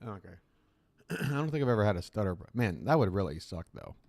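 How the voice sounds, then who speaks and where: Casting: male live-stream host, lively jokey banter, slight lisp, dry close sound. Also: fairly low pitch, brisk, no echo. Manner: joking, chatty, self-conscious asides. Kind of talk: casual live commentary.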